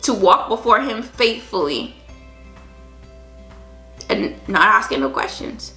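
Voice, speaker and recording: A woman's voice: mid-range voice, animated, takes it slowly, sharp tone. A woman hosting a Christian podcast, reading scripture and reflecting on it in an earnest way with frequent restarts. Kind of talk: Bible reading with personal commentary. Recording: echoey room with faint music.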